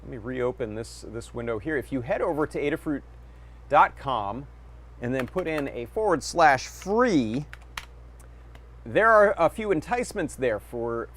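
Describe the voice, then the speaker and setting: A man at a mid pitch hosts a live workshop stream in a relaxed, chatty way, leaving fillers and restarts in as he goes. He is still getting over a cold, so his voice sounds a little congested. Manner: chatty, friendly, loose with fillers. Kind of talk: casual live-stream talk. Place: home workshop.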